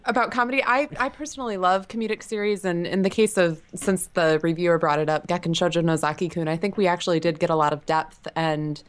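A woman's voice: lowish voice, steady tone, fast, hardly any pauses, smooth. A woman guesting on a casual podcast, answering in an articulate, thoughtful way.

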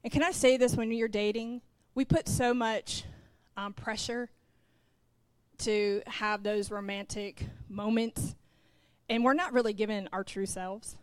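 Lively woman preaching a story-driven sermon. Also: on the high side, unhurried, clean tone, no echo. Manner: animated, acts out quoted dialogue, talks straight to the congregation. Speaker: pastor's wife, preacher.

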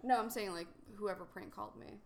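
A woman's voice: mid-range voice, fairly quick, gravelly. A woman co-hosting a podcast in casual chat, laughing often and swearing. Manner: giggly, swearing, chatty. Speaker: podcast co-host.

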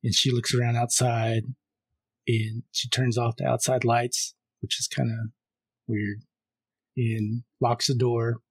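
A man co-hosting a film podcast, casually recapping a horror movie scene by scene and reading the caller's lines flatly. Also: medium pitch, slow, husky, no room sound. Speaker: podcast co-host.

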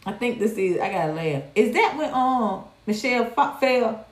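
A woman's voice: a little high, moderate pace. Woman on a livestream, cussing and real blunt, kinda echoey room. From Georgia, USA. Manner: blunt, profane and animated, reading viewer comments. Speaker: livestream host. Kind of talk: candid casual commentary. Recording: roomy echo.

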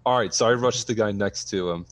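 A man playing a tabletop game, lively and given to excited outbursts. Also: fairly low pitch, fairly quick. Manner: lively, rises into excited shouts. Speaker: player.

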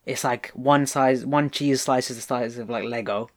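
A man's voice: mid-range voice, fairly even intonation, moderate pace. A man on a casual podcast, rambling and hedging with lots of fillers. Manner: rambling, hedges with many fillers. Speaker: podcast co-host. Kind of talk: casual chat.

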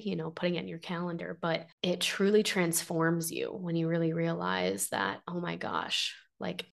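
A young adult woman talks through a personal story on her podcast in a lowish, fairly flat voice. She sounds earnest and heartfelt, emotional and close to tears, and her speech wanders with fillers and restarts. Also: gravelly. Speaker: podcast host. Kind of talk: personal reflective monologue.

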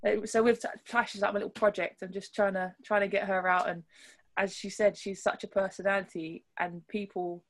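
A woman speaks as a guest in an interview, earnest and reflective. She restarts her phrases as she thinks aloud. Her voice sits at an ordinary middle pitch. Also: little pitch movement, fairly quick. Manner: earnest, thoughtful, frequent restarts. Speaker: rugby player guest. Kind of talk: interview conversation.

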